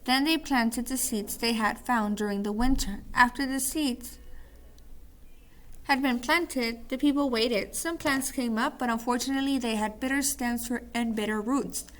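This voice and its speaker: A woman's voice: fairly high pitch, moderate pace. A woman teacher running a call-and-response word drill, then reading a story aloud with small slips and restarts.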